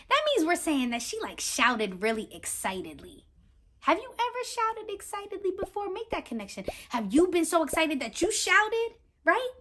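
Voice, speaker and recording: A woman reading a picture book aloud to young children as their teacher, animated and talking straight to her listeners with questions. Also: sits high. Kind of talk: children's read-aloud lesson.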